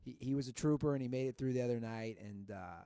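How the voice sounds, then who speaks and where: A man's voice: mid-range voice, fast talker, creaky, dark tone, clear, resonant tone, no room sound, studio quality. A man co-hosting a podcast, chatting casually and emphatically about sports media. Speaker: podcast co-host. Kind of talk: casual chat.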